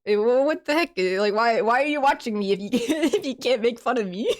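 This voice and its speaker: A woman's voice: on the high side, expressive, a little fast. Giggly young woman streamer, rambling. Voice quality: laugh sounds sniffly and tearful. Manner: rambling and giggly, many fillers and restarts. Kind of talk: casual chat to stream viewers.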